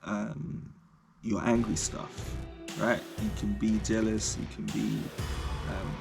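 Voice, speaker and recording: Man, reflective vlogger; unhurried, creaky delivery, stream-of-consciousness talk. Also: on the low side, over music. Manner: reflective, rambling, laughs at himself. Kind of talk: unscripted talk to camera.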